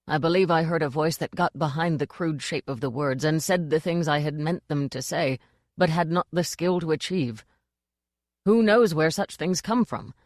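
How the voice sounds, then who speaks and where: A woman narrator voicing an earnest male dwarf playwright with low, muttering country speech. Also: normal speed, dry recording, clean studio sound, close to an everyday voice.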